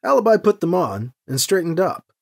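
Male author-host narrator, lively delivery, raspy gravel. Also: high-pitched, normal speed. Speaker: host and writer. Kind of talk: audiobook narration.

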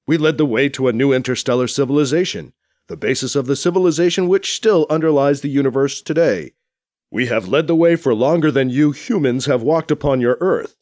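A man voicing a proud, solemn male alien captain who speaks in a formal, measured way. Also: mid-range voice, a little mellow, dry recording, clean studio sound, close to an everyday voice.

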